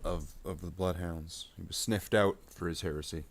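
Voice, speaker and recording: A man's voice: low voice, fairly even intonation, moderate pace, gravelly. A man who paints miniatures on a stream, rambling and joking to himself as he works. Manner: rambling, jokey, talks to himself. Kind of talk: casual chat while painting.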